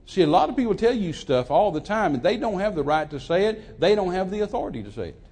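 A man in his sixties preaching a sermon, telling a story dramatically and swinging from hushed to loud, emphatic delivery. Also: sits high, sing-song, quick pace, husky. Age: 60s.

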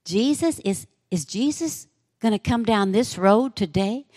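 A woman's voice: mid-range voice, sing-song, unhurried, a bit bright, no echo, clean studio sound. A woman voicing a desperate blind beggar. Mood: eager hope. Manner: crying out, pleading.

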